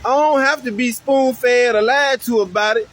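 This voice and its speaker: A man's voice: very high-pitched, normal speed, fairly bright tone. An American man giving a preachy response monologue in slangy speech, firing off repeated rhetorical questions. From United States. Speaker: commentator responding to another video.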